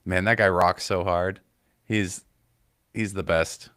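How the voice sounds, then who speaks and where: Low smooth-voiced comedian host. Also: male voice, steady tone, slow pace, fairly bright tone, no echo, clean studio sound. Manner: loose, rambling, swearing, with many fillers. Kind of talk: casual commentary on clips.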